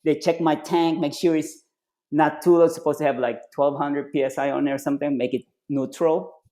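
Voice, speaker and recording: A retired Navy SEAL and triathlete, guesting on a podcast, tells stories casually and a little fast. He acts out quoted voices with lively jumps in pitch, and his phrasing is loose, full of restarts and fillers.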